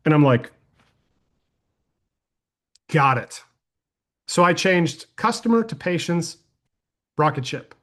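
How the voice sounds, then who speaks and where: An energetic man hosts a live coaching call and answers attendee questions in a folksy, conversational way. His voice sits a little high for a man, and he talks with loose, friendly enthusiasm. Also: normal speed. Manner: energetic and folksy, uses "y'all", tells anecdotes. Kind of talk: casual webinar Q&A.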